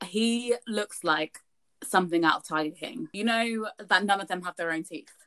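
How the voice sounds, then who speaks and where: A woman's voice: on the low side, moderate pace. A young woman, telling a story in casual podcast chat, swearing freely. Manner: chatty, frequent swearing, animated retelling. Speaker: podcast co-host.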